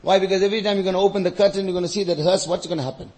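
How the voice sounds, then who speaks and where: A man's voice: high-pitched, fairly even intonation, racing, few pauses, a little mellow. A man giving an impassioned sermon, repeating phrases and rising to emotional peaks, with Arabic phrases woven into his English. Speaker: preacher.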